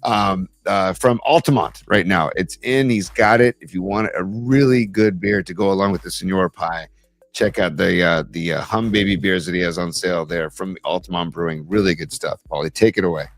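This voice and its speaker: A man co-hosting a podcast, chatting casually and enthusiastically, reading sponsor plugs and listener shout-outs. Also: low voice, moderate pace, dry recording. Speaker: podcast co-host.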